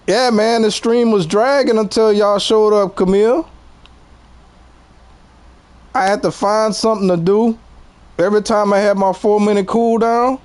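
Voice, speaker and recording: Streaming a game, this laid-back Louisiana man in his forties jokes with chat in a Southern accent, laughing a lot. His pitch is high and steady, the tone darkish, and he speaks a little slowly with frequent pauses.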